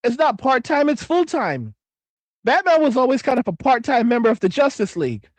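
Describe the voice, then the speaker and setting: A man's voice: very high voice, sing-song, moderate pace, dry recording. A middle-aged man hosting a casual livestream, rambling, swearing a lot and repeating phrases while he reads viewer comments aloud. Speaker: livestream host reading chat. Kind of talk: casual profane livestream chat.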